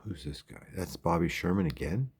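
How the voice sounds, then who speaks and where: Very deep gravelly man, rambling. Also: expressive, normal speed, darkish tone. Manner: rambling, wry asides. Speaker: vlogger. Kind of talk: casual late-night commentary. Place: home at night, windows open.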